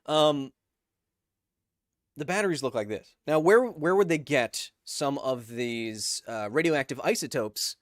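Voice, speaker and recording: A man's voice: mid-range voice, expressive, unhurried, no echo, clean studio sound. A man hosting a live stream, reading chat messages aloud with jokes and tangents while explaining science casually.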